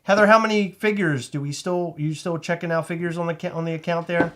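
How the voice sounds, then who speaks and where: A high-pitched man with a Maryland accent hosts a casual live chat. He talks in an excitable, rambling way and breaks into laughter often. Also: fast talker, background noise. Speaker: host.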